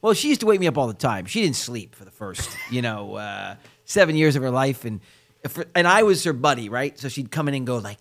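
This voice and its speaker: A man's voice: mid-range voice, big pitch swings, a little fast, fairly bright tone. A man in his forties co-hosting a podcast, telling family stories animatedly and acting out voices. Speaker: podcast co-host. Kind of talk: casual chat.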